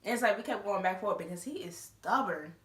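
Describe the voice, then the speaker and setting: A young woman casually telling a school story on her vlog, animated and quick to laugh, with slangy asides. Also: medium pitch. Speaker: storytime vlogger. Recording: roomy echo.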